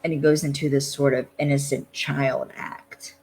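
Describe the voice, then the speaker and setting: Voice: medium pitch, little pitch movement, moderate pace, darkish tone, a little hiss or hum, rough recording. A podcast co-host in casual chat, retelling things loosely with many "like" fillers.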